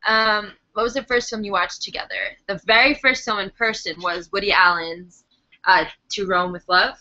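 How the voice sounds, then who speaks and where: Bright chatty woman, giggly live-chat host, muffled lo-fi mic. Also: medium pitch, moderate pace. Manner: chatty, giggly, reads out viewer questions. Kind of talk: casual chat. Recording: dull lo-fi webcam audio.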